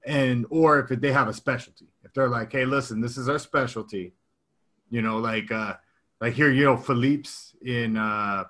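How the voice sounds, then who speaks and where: A man's voice: mid-range voice, normal speed, a bit bright. A man in his thirties or forties co-hosting a podcast in casual, rambling chat, laughing often as he talks. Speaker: podcast co-host.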